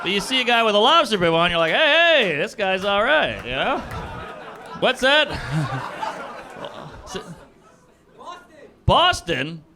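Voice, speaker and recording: A man's voice: high voice, noisy background. A man doing improvised stand-up comedy in a club, riffing crudely at speed and chuckling at his own jokes. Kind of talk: improvised stand-up off audience suggestions. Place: comedy club stage before a live audience.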